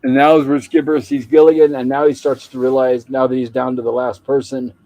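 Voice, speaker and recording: A man's voice: mid-range voice, level tone, a little fast, warm tone, dry recording, poor audio. A man hosting a show, chatting casually as he retells the plot of an old TV episode. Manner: chatty, plain storyteller. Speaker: show host.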